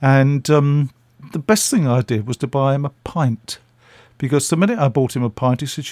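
A man's voice: medium pitch, moderate pace, darkish tone, no echo. An older man, a radio guest telling chatty, self-deprecating stories and acting out the voices. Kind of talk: anecdotal storytelling.

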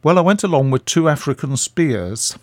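A man's voice: fairly high pitch, expressive, moderate pace, a little mellow, dry recording. An older man from England, a radio interview guest, telling chatty stories with fillers.

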